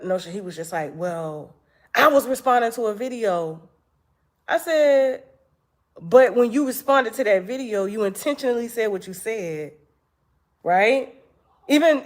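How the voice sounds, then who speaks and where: A woman in a casual talk-show monologue, retelling conversations with lively, profane energy. Her voice sits a little high for a woman. She jumps into other people's words as she quotes them. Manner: animated storytelling, acts out quotes, profane. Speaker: online talk show host.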